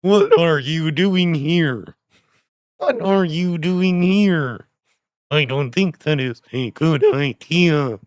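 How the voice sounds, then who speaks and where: A man putting on a creepy old man who speaks through a crude robotic speech voice. He crawls along at a very slow, mechanical pace, pitched high. The sound is dry and close, with no room around it. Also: dry recording. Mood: stern. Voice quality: flat synthesized-sounding robotic delivery. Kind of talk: comedic impression on a stream.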